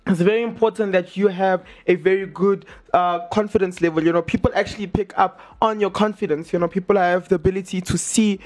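A man's voice: high voice, steady tone, a little fast, hardly any pauses, a little mellow. A man hosting a casual radio talk show, joking, boastful and a bit preachy.

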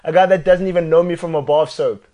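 A man co-hosting a sports podcast, chatting casually and joking about himself in an expressive way. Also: fairly high pitch, fast. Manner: expressive, self-mocking. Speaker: podcast co-host. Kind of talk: casual chat.

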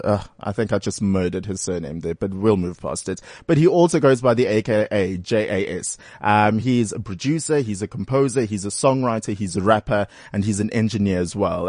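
A man's voice: fairly low pitch, darkish tone, dry recording, clean studio sound. A man hosting a radio talk show, chatting casually in a playful, teasing way.

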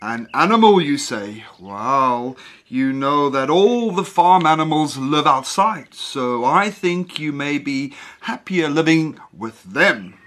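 A performer voicing a calm, amused father gently teasing his son in a children's audio story. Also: mid-range voice, takes it slowly, pitched below the performer's own voice.

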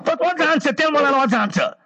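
Male radio quiz host, high-pitched and very expressive, affectionate and playful, repeats phrases. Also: very fast, no echo. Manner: animated, playful and affectionate, with lots of repetition. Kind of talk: live call-in radio show.

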